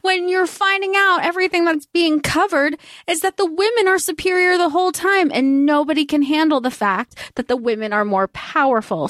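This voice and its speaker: A woman co-hosting a podcast, talking casually about a book, animated, laughing and swearing freely. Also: a little high, dry recording, clean studio sound. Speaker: podcast co-host.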